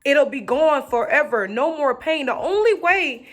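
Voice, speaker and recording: A woman's voice: sits high, animated, normal speed, a bit bright, soft background music. A woman preaching an encouraging sermon, rhythmic and repetitive, with casual slang. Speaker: online preacher.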